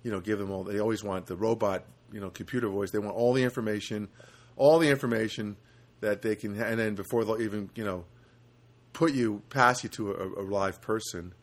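A man's voice: lowish voice, steady tone, brisk. A man hosting a solo podcast, talking casually and rambling, with lots of fillers and restarts. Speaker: podcast host.

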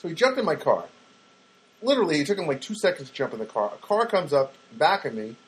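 A man rambling through everyday stories in a chatty, excitable monologue, often repeating himself and acting out other people's voices. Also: on the high side, quick pace, slightly rough, low-quality recording.

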